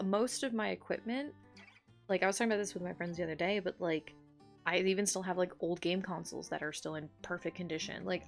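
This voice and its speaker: Brief: casual woman art streamer, rambly and chatty, mid-range voice with some vocal fry, soft guitar music behind. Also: fairly low pitch. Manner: chatty, rambling with many "like"s, laughs often. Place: home.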